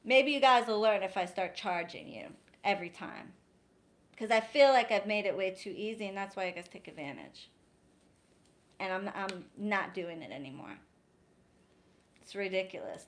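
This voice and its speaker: A woman's voice: mid-range voice, expressive, unhurried, long pauses. A woman talking casually and bluntly to viewers on a live stream, giving advice with plenty of profanity and exasperation.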